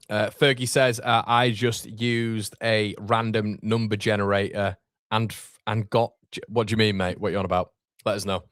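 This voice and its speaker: A man's voice: lowish voice, no echo, studio quality. A young man with a Yorkshire accent hosting a live football watchalong, reading viewer comments aloud and bantering casually. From Northern England.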